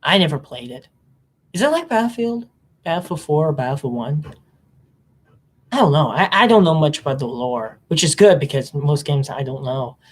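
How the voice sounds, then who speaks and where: A vlogger talking in a casual, rambling monologue, hopping between topics, the voice jumping up in pitch when excited. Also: moderate pace, husky. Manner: mimics other people in silly voices.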